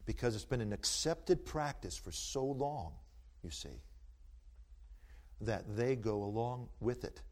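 A man's voice: medium pitch, lively intonation, takes it slowly, long pauses. A man giving a talk to an audience, telling stories in a folksy way and driving his points home with rhetorical, preacherly emphasis. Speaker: speaker taking audience questions. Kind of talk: folksy storytelling lecture.

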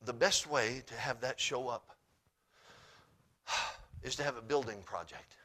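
Animated preacher man with a bright voice. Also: medium pitch, unhurried. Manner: animated, swings between loud emphasis and hushed asides; laughs while telling the story. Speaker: pastor. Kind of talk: sermon with storytelling.

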